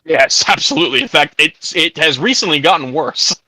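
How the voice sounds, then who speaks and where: A bright, fairly high-voiced man runs a tabletop game in casual, filler-heavy talk. The sound is close and dry, as if from a desk mic on a voice call. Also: animated, brisk, slightly rough, dry recording, poor audio. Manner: casual, many ums and likes, laughs often. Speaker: game master.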